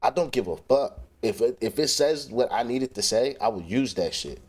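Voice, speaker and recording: A man's voice: medium pitch, moderate pace, a little mellow, slightly rough. A man, a rapper hosting a late-night livestream, chatting loosely and answering his viewers' messages with casual swearing. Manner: loose, profane, reads and answers chat aloud.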